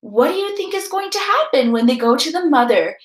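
A woman teacher reading a picture book aloud as a lesson, telling the story expressively and pausing for students' predictions. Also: high-pitched. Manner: expressive storytelling, guiding pauses. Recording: echoey room.

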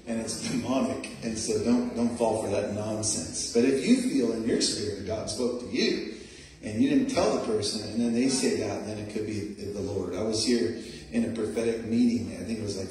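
A middle-aged male preacher giving an animated, laughing sermon in a church, often calling out "Amen?" to the congregation. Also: fairly low pitch, moderate pace. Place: church sanctuary. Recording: very echoey room, voice picked up from a distance.

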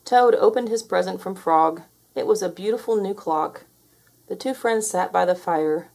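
A woman reading a children's picture book aloud in a slow, clear storytelling manner. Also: medium pitch, darkish tone. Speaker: storybook reader. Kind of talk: children's read-aloud narration.

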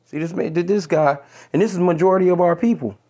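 A man's voice: high-pitched, a little fast, mellow. A man delivering a heated, profane commentary rant, stumbling over repeated words and stopping to read scripture. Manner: profane, heated, repetitive restarts, quotes scripture. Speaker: commentary vlogger. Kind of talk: ranting commentary video.

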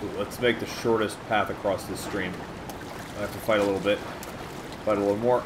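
A man hosting a let's-play, giving excitable, casual commentary, swearing at and taunting enemies. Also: lowish voice, brisk, background noise. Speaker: gaming channel host.

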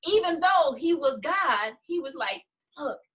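A woman co-hosting a casual Bible study chat, commenting with animated, laughing energy and quick restarts. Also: sits high. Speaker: podcast co-host.

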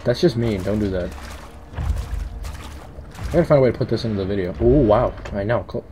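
A man's voice: lowish voice, brisk, mellow, a little hiss or hum. A man giving casual, rambling commentary while playing a horror game, easily startled and yelping at scares, on a headset mic. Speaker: let's play commentator.

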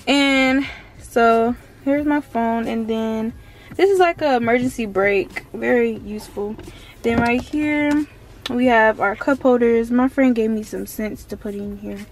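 A young woman of about nineteen, chatting excitedly in a casual vlog from inside her car, with lots of "like" and "um". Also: fairly high pitch, a little hiss or hum. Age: around 19. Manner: excitable and chatty, full of fillers like "like" and "um". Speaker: vlogger.

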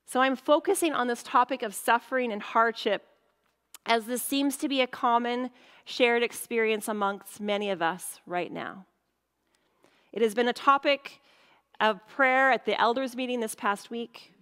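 A woman's voice: a little high, fairly bright tone, clear, resonant tone. A woman preaching a sermon in a church, earnest and reflective, asking the listeners questions. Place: church sanctuary. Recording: long hall reverb.

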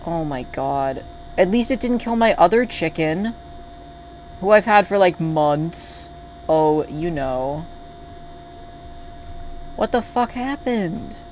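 A man's voice: fairly high pitch, lively intonation, takes it slowly, slight background noise. A man streaming a video game, chatting casually to his viewers and swearing freely when things go wrong. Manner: chatty, talks to chat, swears when upset.

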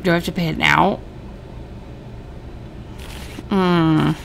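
A woman's voice: on the low side, fairly even intonation, normal speed, vocal fry, a little hiss or hum. A woman hosting a gaming let's-play, chatting and musing aloud as she reads and makes choices. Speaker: gaming host.

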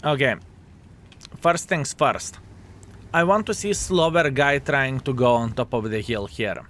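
A man's voice: medium pitch, a little slow, a bit bright, slight background noise. A young adult man giving casual, joking commentary over gameplay, chatting to his viewers as "fellas.". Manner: chatty, addresses viewers as fellas, playful jokes. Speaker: gaming commentator.

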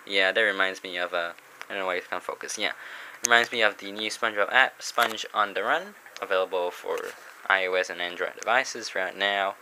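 A man's voice: low voice, a little fast, pushed and bright, a little hiss or hum, rough recording. A man casually reviewing a comic book, rambling, chuckling and reading panels aloud.

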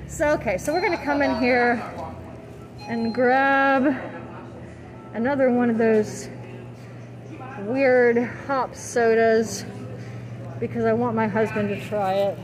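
A woman's voice: fairly high pitch, fairly even intonation, slow pace, pauses often, a crowd in the background. A woman from the American South with a light Southern accent, talking candidly and casually as she walks around town, swearing now and then and saying "like" a lot. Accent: Southern US, mostly toned down. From Southern United States. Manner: chatty, candid, swears, heavy use of "like". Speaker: vlogger. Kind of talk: casual walking vlog. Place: outdoors on a town walk, into shops. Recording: noisy outdoor street ambience.

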